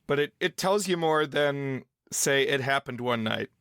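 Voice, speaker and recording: A man co-hosts a film podcast, musing through his points with a few hesitant restarts. His voice is bright and crisp, and it is recorded close and dry with no room sound. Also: mid-range voice, a little slow, no room sound. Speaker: podcast co-host. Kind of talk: casual film discussion.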